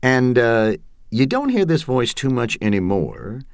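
A man answering interview questions in the put-on voice of a generic 1970s baseball announcer, with a smooth, booming broadcaster delivery. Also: huge pitch swings, unhurried, no echo, studio quality. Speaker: guest.

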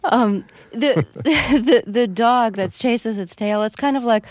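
Halting interviewer, mid-pitched voice. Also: no echo. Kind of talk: casual interview questions.

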